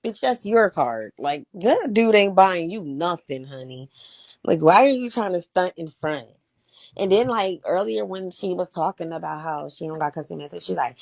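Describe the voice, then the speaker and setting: A woman's voice: fairly low pitch, lively intonation, normal speed, creaky, darkish tone, no room sound. A woman trading sassy, profane gossip commentary on a live stream, laughing often.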